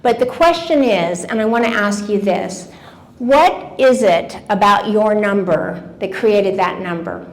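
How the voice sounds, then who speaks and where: A woman in her seventies giving a lively talk to a seated audience, asking them questions directly. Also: medium pitch, measured pace. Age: 70s. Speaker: motivational speaker. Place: event room with a seated audience.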